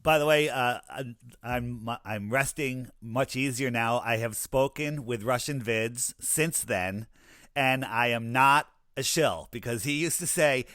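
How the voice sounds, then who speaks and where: A man talking casually as an interview guest, telling anecdotes in an animated way and acting out the dialogue he quotes. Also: mid-range voice, measured pace, no room sound, clean studio sound. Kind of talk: casual conversation.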